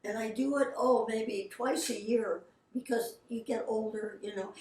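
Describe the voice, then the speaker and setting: A woman's voice: fairly high pitch, unhurried, a little mellow. Older woman telling stories, roomy and distant. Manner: chatty anecdotal, quotes people in her stories. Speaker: voice actress. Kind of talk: casual storytelling.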